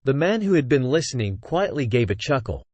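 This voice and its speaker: A man's voice: medium pitch, very animated, a little fast, a little mellow, no room sound. Synthetic male audiobook narrator. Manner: reads punctuation aloud. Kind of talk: synthetic audiobook reading of a web novel.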